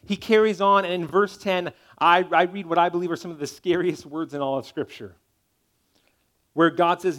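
A man's voice: high-pitched, steady tone, moderate pace, a bit bright. A man preaching a sermon as pastor, talking in a conversational but emphatic way and checking in with his listeners as he goes.

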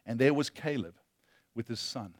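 A male pastor preaching a sermon, impassioned, moving between loud emphasis and hushed storytelling. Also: medium pitch, lively intonation, normal speed, no echo, clean studio sound.

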